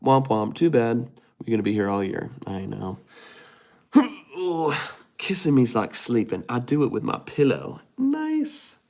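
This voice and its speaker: A young man hosting a casual livestream, reading viewer comments aloud and answering them with quick, joking asides. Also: on the low side, animated, creaky, a little mellow. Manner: playful, jokey, talks fast with quick asides. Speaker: livestream host.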